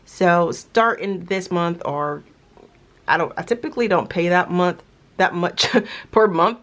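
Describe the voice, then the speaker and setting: Her voice is fairly low and fairly bright, and she speaks at a measured pace. In this relaxed to-camera vlog about clearing her debt, the budgeting vlogger thinks out loud with restarts, small laughs, and a few hiccups.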